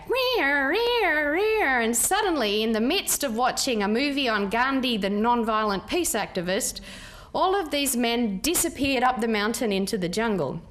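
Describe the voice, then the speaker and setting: A woman's voice: on the high side, a bit bright. Earnest Australian woman telling a story. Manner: measured, earnest, with thoughtful pauses. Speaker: peace worker giving a talk. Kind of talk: public talk, storytelling.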